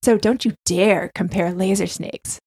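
A woman's voice: medium pitch, fairly even intonation, measured pace, dark tone, slightly rough. A woman co-hosting a casual chat, cracking playful, teasing jokes. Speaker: podcast co-host. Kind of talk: casual chat recapping a TV episode.

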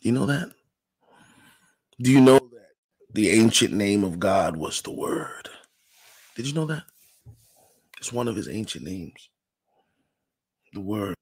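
A man's voice: fairly low pitch, expressive, takes it slowly, long pauses, darkish tone, breathy edge, no room sound. A man talking loosely on a livestream about faith and success, full of "you know"s and dropping into whispers. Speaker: livestream speaker. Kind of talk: casual inspirational talk.

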